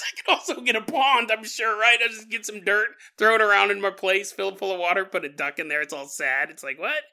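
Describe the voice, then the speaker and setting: A man's voice: high-pitched, sharp tone. A man hosting a podcast, telling a story in a rambling, joking way with mock voices. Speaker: podcast host. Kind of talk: comedic paranormal podcast storytelling.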